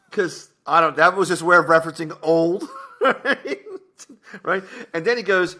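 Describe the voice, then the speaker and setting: A man's voice: a little high, expressive, a little slow, long pauses, pushed and bright. A man co-hosting a podcast from a home studio, telling rambling stories in casual chat with many fillers and restarts. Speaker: podcast co-host, comedian.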